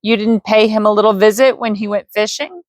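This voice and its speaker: Woman voicing a blunt tired wizard, her own everyday voice, flat questions. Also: mid-range voice, a little fast, no room sound, lightly acted.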